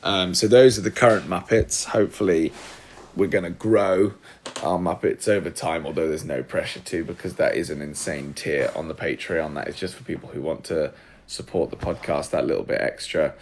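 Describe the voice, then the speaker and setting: A man's voice: deep voice, moderate pace, slight background noise. A man hosting a casual livestream from a room at home, chatty and scattered, joking at his own expense while he sorts things out. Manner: scattered, chatty, self-deprecating, talks while multitasking. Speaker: podcast host on a livestream.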